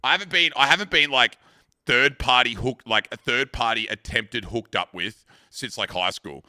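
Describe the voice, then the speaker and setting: A man's voice: mid-range voice, normal speed, bright, forceful tone, dry recording, clean studio sound. A young Australian man and streamer, rambling and swearing freely in casual, joking chat with friends.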